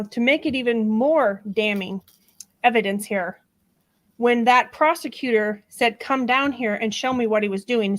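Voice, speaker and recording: A middle-aged woman giving casual true-crime commentary, animated and sarcastic, acting out what others said. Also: on the high side, rough recording. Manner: animated, sarcastic, acts out quotes.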